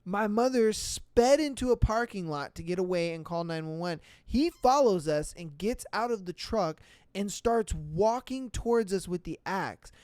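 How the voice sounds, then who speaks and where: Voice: medium pitch, animated, unhurried, a little mellow, smooth, dry recording, clean studio sound. A podcast host casually reading out listener stories and reacting to them in slang, often laughing.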